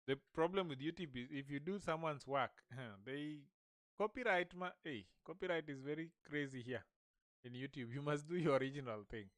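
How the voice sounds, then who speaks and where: A man's voice: fairly high pitch, moderate pace, a bit bright, no echo, clean studio sound. A man teaching vocabulary in a casual lesson, patiently repeating each word many times. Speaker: language teacher. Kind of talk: informal language lesson, repeating words slowly.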